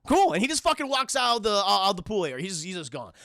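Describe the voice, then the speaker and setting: High raspy streamer guy swearing thru a movie recap, lots of uhs, bright, dry sound. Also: very animated, rapid-fire, dry recording. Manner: profane, rambling, many fillers. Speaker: streamer reviewing a film. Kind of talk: casual spoiler recap to chat.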